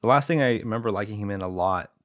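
A man's voice: lowish voice, very fast, fairly bright tone. A laid-back man co-hosting a podcast in casual conversation. He talks easily and agreeably and laughs often between his points. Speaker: podcast co-host. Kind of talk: casual chat.

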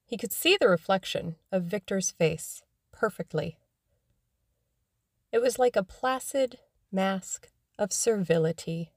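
A woman narrating a classic novel in a measured, even way, as scripted audiobook narration. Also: medium pitch, no echo, clean studio sound.

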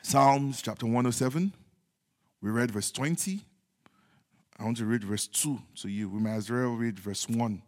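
A man preaching a sermon as pastor, repeating his points emphatically and moving between loud declarations and hushed, joking asides. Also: medium pitch, moderate pace. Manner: humorous asides with chuckles. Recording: long hall reverb.

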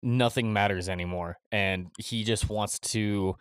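A man's voice: lowish voice, fairly even intonation, a little slow, fairly bright tone, smooth, dry recording. A man co-hosting a podcast in casual chat, easygoing and swearing freely. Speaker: podcast co-host.

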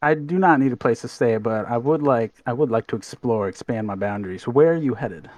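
A man's voice: medium pitch, fairly quick, darkish tone, no echo, close to an everyday voice. A man role-playing a proud wandering survivalist in a formal, earnest manner, in a tabletop game. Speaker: player. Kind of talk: in-character tabletop role-play.

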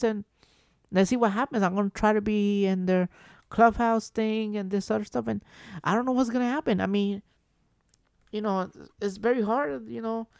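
A man's voice: high voice, creaky, darkish tone, clean tone, no room sound, clean studio sound. A man vlogging as a football fan, ranting with passion and exasperation, swearing freely and repeating himself for emphasis. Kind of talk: emotional fan rant to camera.

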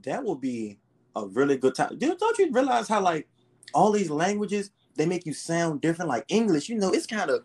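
A man's voice: a little high, big pitch swings, normal speed, a little mellow, husky. A man hosting a podcast in casual chat, teasing his friend and laughing often in loose, slangy talk. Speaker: podcast host.

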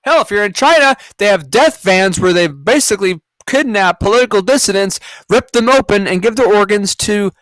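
A man's voice: sits high, fairly bright tone, no room sound. A man hosting a podcast, reacting to headlines in a rambling, profane, sarcastic rant. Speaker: podcast host. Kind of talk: casual news-reaction rant.

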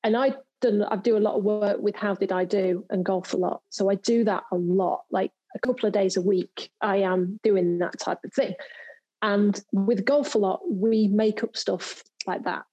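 A woman's voice: mid-range voice, fairly even intonation, moderate pace, dark tone, husky, poor audio. A woman from England, a former pro golfer and TV presenter, chatting in an interview and telling stories with lots of fillers and restarts. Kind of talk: casual interview chat.

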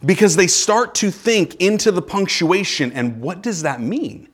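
Lively, higher-voiced pastor in his forties. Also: unhurried, husky. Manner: animated, joking asides to the congregation. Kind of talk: conversational sermon. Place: church sanctuary.

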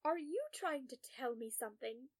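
A woman's voice: high voice, lively intonation, moderate pace, no echo, studio quality. A woman voicing an eager, insinuating male patient in an audio story. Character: delusional grinning male patient, unsettling.

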